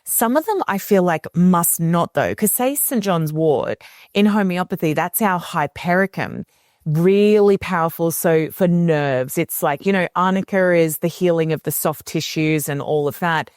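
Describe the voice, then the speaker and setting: Woman, low voice, dry close sound, casual podcast guest, animated, mimics quoted voices. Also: unhurried, no echo. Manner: animated, acts out quoted voices of kids and parents. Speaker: homeopathy educator, guest.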